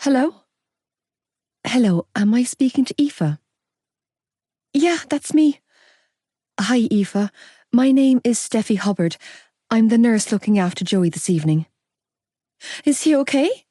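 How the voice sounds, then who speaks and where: A woman's voice: fairly high pitch, animated, unhurried, long pauses, mellow, husky, no room sound. A woman voicing a heartbroken, fiercely loyal young woman close to tears in an audiobook. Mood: urgent. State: crying.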